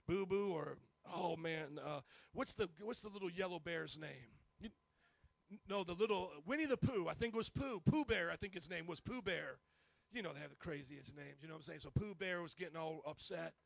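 A man preaching a humorous, animated storytelling sermon, joking and self-mocking as he goes. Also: sits high, creaky, dry recording.

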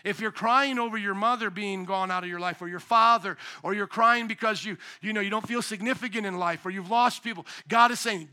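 A man preaching a sermon as pastor, a parent of young children, swinging between loud emphatic bursts and quiet low asides. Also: brisk, hardly any pauses. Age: young adult to middle-aged, a parent of young children.

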